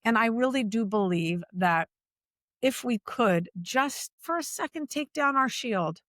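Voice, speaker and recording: A woman speaking as a podcast guest about workplace culture, talking in an animated, emphatic way and repeating phrases for stress. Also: on the high side, measured pace, no room sound, studio quality. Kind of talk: conversational podcast interview.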